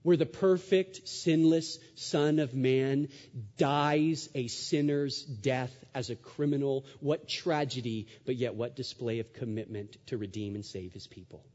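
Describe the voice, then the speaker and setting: A man's voice: medium pitch, fairly even intonation, a little slow, a little mellow. A man preaching a sermon as pastor, emphatic, with rhetorical questions and repeated phrases. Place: church sanctuary. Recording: dull sound with long hall reverb.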